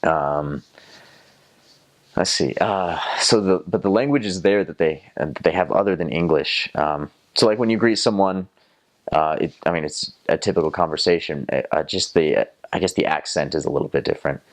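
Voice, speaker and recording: With a low-pitched voice at normal speed, a young Southern-accented man from North Carolina, USA, chats easily about his time as a missionary. Along the way, this returned missionary drops into teasing accent imitations.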